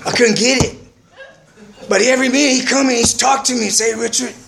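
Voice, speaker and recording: Middle-aged man, raspy and high-pitched, giving an earnest, streetwise, profane testimony at a meeting. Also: fast, fairly bright tone, faint music behind. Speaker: speaker sharing his recovery story at a meeting. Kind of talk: personal testimony, casual storytelling. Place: meeting room.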